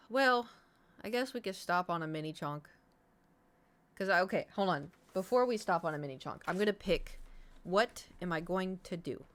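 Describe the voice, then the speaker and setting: Rambling, swearing woman streamer, lowish voice. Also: expressive, moderate pace, long pauses, a bit bright. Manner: rambling, storytelling, swears freely. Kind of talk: casual chat. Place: home room.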